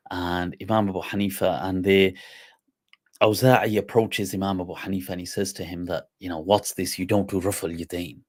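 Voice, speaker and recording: A man hosting a show as an Islamic scholar, telling a story in an animated way with frequent laughter and asides. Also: low-pitched.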